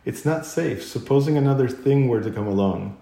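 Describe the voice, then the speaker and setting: A man voicing a gentle, worried male mole who speaks anxiously. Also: mid-range voice, fairly quick, vocal fry, roomy sound, close to an everyday voice. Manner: anxious, despairing.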